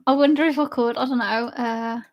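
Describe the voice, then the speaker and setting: A woman's voice: fairly high pitch, steady tone, fairly quick, lo-fi sound. A young woman live streamer chatting casually with her chat and laughing often while she drinks. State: drinking alcohol.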